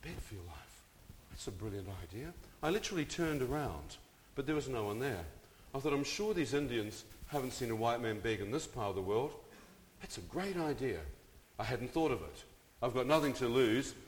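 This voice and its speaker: A middle-aged man with a medium-pitched voice tells his own story dramatically to an audience, often turning to them with questions and asides. There's a little hiss or hum, and the long reverb of a large hall surrounds him.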